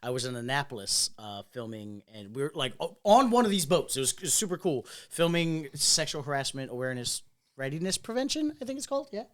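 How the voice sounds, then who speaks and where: A man's voice: a little high, lively intonation, fast, a bit bright. A young adult man hosting a podcast, telling a crude story with lots of laughter. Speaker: podcast host and comedian. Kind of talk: casual chat, storytelling.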